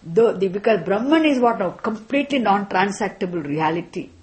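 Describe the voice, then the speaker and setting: A woman teaching a class on scripture, speaking deliberately and often checking in with "isn't it?". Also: medium pitch, expressive, darkish tone. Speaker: Vedanta teacher.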